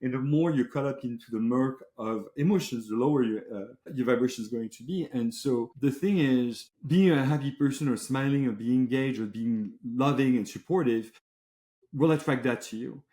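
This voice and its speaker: A man hosting a podcast in casual chat, telling stories in a relaxed way with long run-on lists. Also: mid-range voice, moderate pace, echoey room. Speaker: podcast host.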